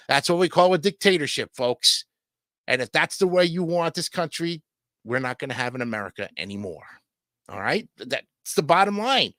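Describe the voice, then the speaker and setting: A man's voice: high voice, pushed and bright, dry recording, studio quality. A man hosting a livestream show, delivering combative, crude political commentary and repeatedly asking his audience "okay?".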